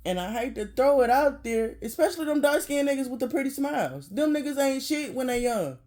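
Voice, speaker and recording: A vlogger rants casually to the camera, blunt and profane, laughing a lot and sinking into low mutters before bursting out loud. The intonation is lively and the pace a little fast.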